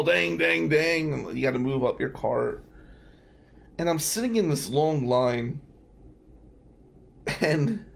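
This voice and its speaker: A man's voice: medium pitch, creaky, slightly rough. A man from New Jersey spins a casual story as a podcast host. He talks wryly and drops in the odd curse, with an everyday mid-range voice. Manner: wry, profane, animated anecdotes. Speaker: podcast host and defense lawyer.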